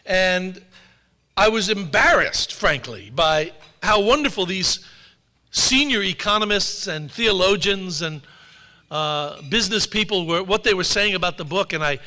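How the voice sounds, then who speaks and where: A man's voice: high-pitched, bright, forceful tone. A man who is an author giving a public talk to an audience, telling wry anecdotes. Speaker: author and speaker. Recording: long hall reverb.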